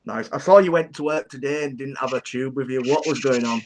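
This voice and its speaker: A man's voice: mid-range voice, a little fast, a little hiss or hum. A man co-hosting a casual livestream, bantering, swearing and laughing a lot. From England. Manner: laughs often, teasing. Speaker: co-host of a vaping livestream.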